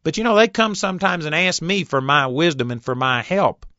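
A man in his fifties giving an earnest Bible teaching, reading scripture slowly and deliberately, on a recorded tape. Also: fairly high pitch, lively intonation, pushed and bright, dry recording. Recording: dull, dry tape recording.

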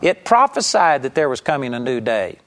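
A man's voice: mid-range voice, sing-song, moderate pace, fairly bright tone. A man preaching an earnest sermon, teaching from scripture and telling a story to make his point. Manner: earnest, emphatic Bible teaching with anecdotes.

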